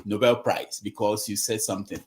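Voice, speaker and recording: A man's voice: on the low side, flat delivery, brisk, a little mellow. A middle-aged man hosting an online discussion, lecturing and scolding listeners while repeating himself. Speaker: host moderating an online discussion. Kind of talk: casual moderating talk.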